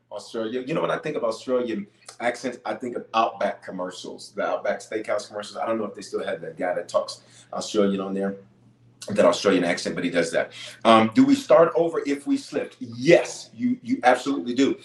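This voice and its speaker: Energetic bishop in an echoey room. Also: male voice, mid-range voice. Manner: energetic, greets viewers by place, emphatic repetition. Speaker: bishop leading online prayer. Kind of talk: live-streamed prayer call with viewer Q&A. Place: room at home base near Denver.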